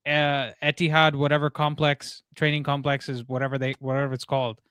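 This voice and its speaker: A young man hosts a live football stream, loose and animated, dropping "bro" and "like" as he goes. He sounds worn out from too little sleep. His voice sits a little high and comes across dry and close, with no room around it. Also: smooth, no room sound. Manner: animated, talks fast, says "bro" and "like" a lot. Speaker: host of a live call-in football show. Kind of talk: casual live-stream chat.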